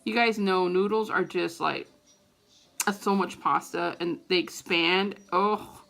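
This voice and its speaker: Gravelly, animated middle-aged woman vlogger. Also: on the low side, takes it slowly. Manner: animated, profane, acts out quoted voices. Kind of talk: casual storytelling to camera.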